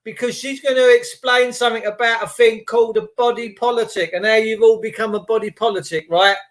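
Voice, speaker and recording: A man ranting casually to his viewers, acting out little scenes in quick put-on voices, slangy and swearing. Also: high voice, steady tone. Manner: slangy, swears, rhetorical questions. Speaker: video host.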